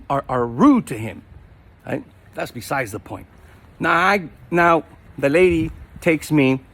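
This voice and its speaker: A man's voice: high voice, a little hiss or hum. Indignant man ranting on a vlog. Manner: indignant, repetitive, rising to heated outbursts. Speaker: vlogger. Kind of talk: casual ranting monologue.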